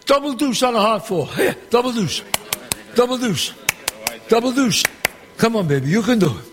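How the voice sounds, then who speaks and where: An actor playing a middle-aged gangster boss who runs a dice game. He is loud and bossy, and he swears and throws insults around freely. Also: very high voice, expressive, moderate pace, noisy background. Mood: boisterous. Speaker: mob boss at a craps game. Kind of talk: film dialogue. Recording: echoey hall sound with faint ambience.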